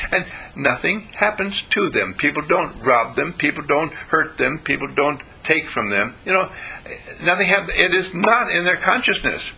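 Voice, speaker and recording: A man's voice: on the high side, animated, measured pace, sharp tone, breathy edge, low-quality recording. An older American man giving a rambling, folksy spiritual talk to students, full of fillers and restarts. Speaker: spiritual teacher. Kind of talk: informal sermon to students.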